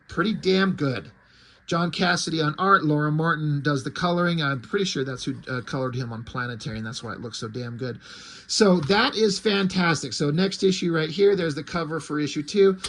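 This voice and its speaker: Male comic reviewer, laid-back, profane, lots of ums. Slightly high voice. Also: a bit bright. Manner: casual and profane, with many fillers. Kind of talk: casual chat.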